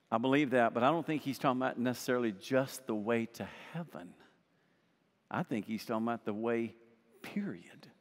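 Older male pastor, fairly high voice, conversational sermon with emphatic swells, long hall reverb. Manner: earnest, conversational preaching with emphatic swells and soft asides.

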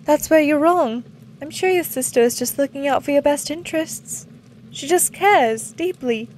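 A woman's voice: sits high, normal speed, background noise, lightly acted. A woman voicing a prim, overly polite stranger who talks with formal, genteel phrasing. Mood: solicitous.

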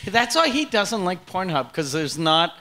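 Bright-voiced teasing man. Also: sits high, big pitch swings, unhurried. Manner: teasing, crude joking. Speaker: podcast co-host. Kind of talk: casual chat.

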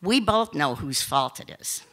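A woman's voice: sits low, lively intonation, a little slow, bright, forceful tone, a little hiss or hum, pitched below the performer's own voice, exaggerated voice. Woman doing a dry, stern school principal.

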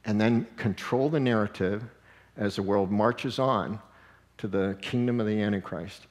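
Animated male pastor preaching in a hall. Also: on the low side, a little slow. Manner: animated, conversational preaching with laughs and quoted voices. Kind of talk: sermon. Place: church sanctuary.

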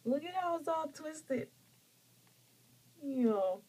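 A young woman vlogging casually at home, exclaiming in disgust and then talking softly to her pet lizard. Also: sits high, lively intonation, very slow.

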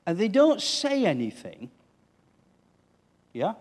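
A man's voice: sits high, wildly swooping pitch, slow pace, darkish tone, long reverb tail. A man preaching a sermon as pastor, talking conversationally and putting questions to the congregation. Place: church.

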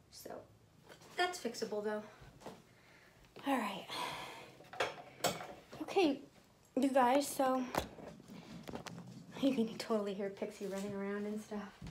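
A woman's voice: medium pitch, unhurried, long pauses, background noise. A woman vlogger chatting casually to her viewers while showing off a purchase. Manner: chatty, talks straight to viewers. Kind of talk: casual unboxing chat.

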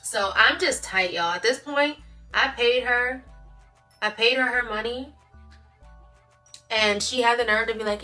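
A woman's voice: fairly high pitch, unhurried, pauses often, faint music behind. A young adult woman telling a casual storytime, emphatic and slangy as she vents. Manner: animated, emphatic, slangy venting. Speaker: vlogger.

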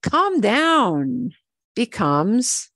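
Slow, patient woman teaching Spanish. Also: on the high side, sing-song, a bit bright, dry recording. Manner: patient, repeats words slowly for learners; switches between English explanation and Spanish examples. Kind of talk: online language lesson.

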